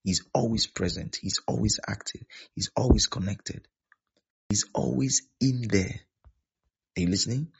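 A male pastor preaches a sermon in a very low, gravelly and husky voice. He repeats his points and keeps asking whether his listeners are following. The recording sounds dull and lo-fi. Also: a little slow.

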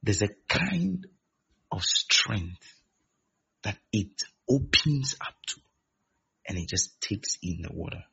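Male preacher, low husky gravelly voice, dull lo-fi recording, acts out quotes mid-sermon. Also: very animated, slow, pauses often, sharp tone.

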